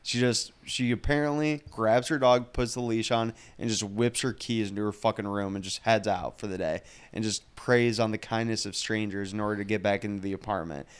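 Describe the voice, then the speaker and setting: A young man co-hosting a podcast, telling a story in a casual, animated way, swearing and laughing as he goes. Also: lowish voice, a little fast, hardly any pauses, smooth. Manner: animated, profane, laughs through stories. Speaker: podcast co-host.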